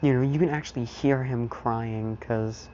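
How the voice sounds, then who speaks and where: A man casually narrating an improvised fan story, rambling and filling every pause with "you know". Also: medium pitch, fairly even intonation, mellow, dull audio, a little hiss or hum.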